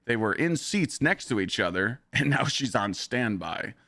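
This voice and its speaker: A hoarse man chatting casually on a live stream and telling a story with animated energy. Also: medium pitch, measured pace, dry recording, studio quality. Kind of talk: casual chat.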